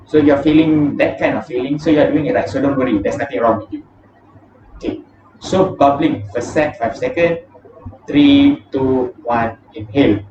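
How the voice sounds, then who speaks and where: A man talks a group through breathing exercises for a vocal warm-up, counting down each set and explaining in a relaxed way. His voice sits in a roomy space, picked up from a distance. The sound is dull, with clear noise behind it. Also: mid-range voice, moderate pace. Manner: counts down steps and explains with casual fillers. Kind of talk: guided breathing exercise lesson. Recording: echoey room, distant mic, dull and noisy.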